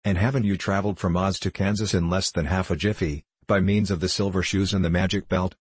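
A man's voice: deep voice, fairly even intonation, fairly quick, slightly rough, no echo. A man voicing a courtly, gracious male fox king in an audiobook reading.

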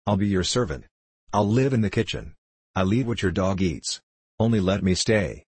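A man's voice: low-pitched, lively intonation, moderate pace, darkish tone, husky, no echo. A man voicing a clever, calculating orphan girl in an audiobook, speaking in an imploring, intense way.

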